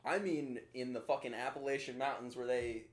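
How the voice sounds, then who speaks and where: A man's voice: mid-range voice, steady tone, brisk. Man, co-host, loose blunt banter, mid voice, echoey room. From Kentucky. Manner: blunt, swears freely, laughs often. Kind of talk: casual chat.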